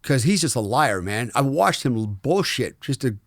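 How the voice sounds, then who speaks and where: A middle-aged man from the United States, a podcast guest telling a story in a loose, animated, profane way and acting out the people he quotes. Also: mid-range voice, normal speed, no room sound, clean studio sound. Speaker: podcast guest, former special forces operator. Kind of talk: casual storytelling interview.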